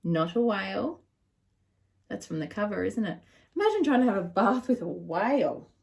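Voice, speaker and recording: Aussie lady reading picture books to kids, lively, keeps asking questions. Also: medium pitch, moderate pace, gravelly. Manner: animated, asks the listening children questions. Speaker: children's storyteller.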